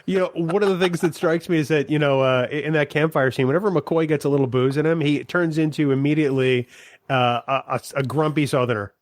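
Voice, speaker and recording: A man's voice: on the high side, no echo. A man co-hosting a podcast, teasing his friends and taking his time with many fillers. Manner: teasing, unhurried, filler-heavy. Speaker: podcast co-host. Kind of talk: casual podcast chat.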